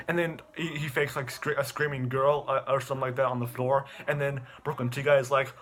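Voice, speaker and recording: A young man retells a story with lots of stammers and repeated words, mid-pitched and chatty. He jumps between narrating and acting out bits. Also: flat delivery, normal speed, a bit bright. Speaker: online video host. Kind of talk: animated plot recap.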